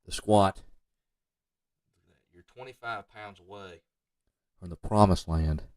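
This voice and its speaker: A man commenting off the cuff on football highlight film, rambling into joking asides and talking straight to the players. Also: slow pace, darkish tone, no room sound, clean studio sound, far from the mic. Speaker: football recruiting video reviewer.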